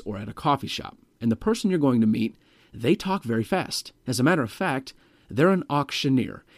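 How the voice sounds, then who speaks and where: A man's voice: medium pitch, dry recording, studio quality. A man teaching sales skills in a direct, emphatic manner, asking his listeners rhetorical questions. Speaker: sales trainer. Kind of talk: instructional talk to camera.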